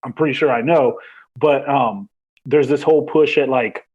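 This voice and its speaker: A man's voice: medium pitch, moderate pace, darkish tone, breathy edge, lo-fi sound. A man hosting a podcast interview, talking casually and rambling with many fillers. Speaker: podcast host.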